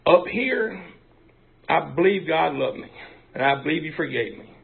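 A man's voice: on the high side, expressive, moderate pace, gravelly. A man giving a frank, folksy recovery testimony, full of fillers. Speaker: speaker sharing at a recovery meeting. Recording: tinny phone-like recording, faint hiss.

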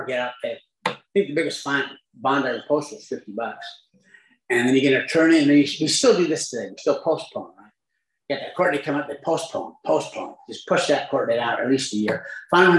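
A man's voice: a little high, expressive, brisk, a bit bright, roomy sound, rough recording. An older man tells a recovery story to a live audience with wry, self-mocking humor. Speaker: recovery speaker.

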